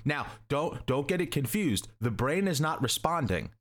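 A man's voice: a little high, big pitch swings, moderate pace. A young man in casual chat, rambling and joking as he recaps a story and acts out the characters' lines. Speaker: podcast co-host recapping a comic.

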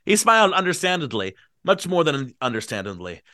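Playful male reader, bright and dry. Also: fairly high pitch, very animated, brisk, no echo. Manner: jokey asides, playful. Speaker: host and reader. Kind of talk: book reading with comedic commentary.

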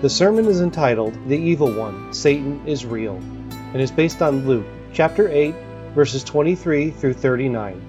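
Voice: mid-range voice, animated, normal speed. Formal podcast intro over guitar. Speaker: podcast announcer. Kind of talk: scripted introduction.

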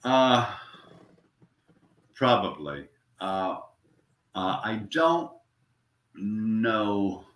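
Older man, actor guest, casual interview, rambling and hesitant, lowish voice, bright tone, echoey room. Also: animated, very slow, pauses often. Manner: rambling, hesitant, repeats words.

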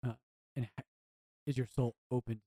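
A man's voice: mid-range voice, level tone, normal speed, dark tone, no room sound. A man, a priest co-hosting a podcast, talking earnestly and reflectively, often restarting his phrases. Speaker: priest co-host.

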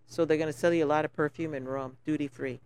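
Woman with a St. Croix accent, animated. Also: fast, slight background noise. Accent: Crucian (St. Croix). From St. Croix, US Virgin Islands. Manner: animated storyteller, pitch jumps up for emphasis. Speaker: guest business owner. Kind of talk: casual podcast conversation.

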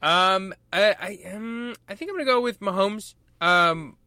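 A man's voice: high-pitched, a little slow, bright, forceful tone, smooth, dry recording. A man co-hosting a casual podcast chat, easygoing, with frequent fillers and restarts and casual swearing.

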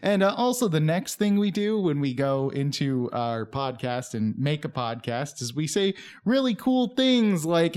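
A man's voice: on the high side, big pitch swings, unhurried, hardly any pauses, a little mellow, clear, resonant tone. A young man co-hosting a casual comedy podcast, joking and goofing around, drifting toward and away from the mic. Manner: jokey, goofy, drifts from the mic. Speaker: podcast co-host.

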